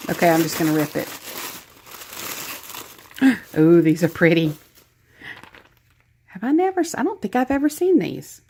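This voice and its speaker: A woman's voice: fairly low pitch, animated, a little slow, long pauses, a little mellow, slight background noise. A woman with a Southern US accent chatting casually as she opens a craft gift package, gushing and laughing at herself. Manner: gushing, self-deprecating, chatty. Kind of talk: casual unboxing chat.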